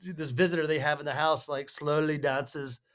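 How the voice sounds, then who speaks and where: A man co-hosting a podcast, casually recapping a film with halting speech and frequent fillers. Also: on the high side, fairly even intonation, a bit bright. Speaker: podcast co-host. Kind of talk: casual movie recap chat.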